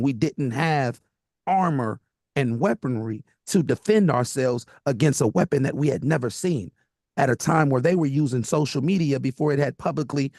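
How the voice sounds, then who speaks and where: A man's voice: medium pitch, creaky, darkish tone, no room sound, clean studio sound. A young man hosting a radio talk show, speaking earnestly and respectfully to his guest. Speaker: host.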